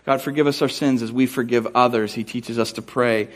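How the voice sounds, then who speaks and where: This young pastor has a mid-range voice and a brisk delivery. His sermon starts with an amusing personal anecdote, told animatedly and at his own expense, and then turns to scripture.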